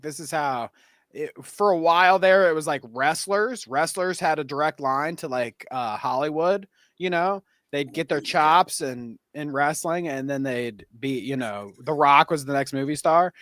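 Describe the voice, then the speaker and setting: A man's voice: on the high side, moderate pace, a bit bright, no room sound, clean studio sound. A middle-aged man co-hosting a podcast, riffing casually with lots of laughter and swearing. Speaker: podcast co-host. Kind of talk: casual chat reacting to clips.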